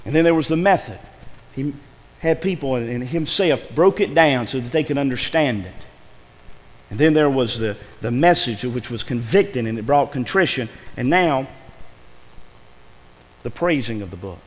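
Earnest preacher in a reverberant church. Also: male voice, mid-range voice, animated, normal speed, pauses often. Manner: earnest, pleading, rising with emotion. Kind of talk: sermon. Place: church sanctuary.

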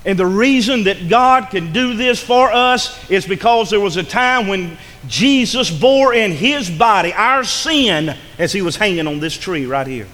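A man preaching a sermon, dramatic, dropping to a hush and rising to a shout. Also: sits high, expressive, a little slow, few pauses, big-room sound.

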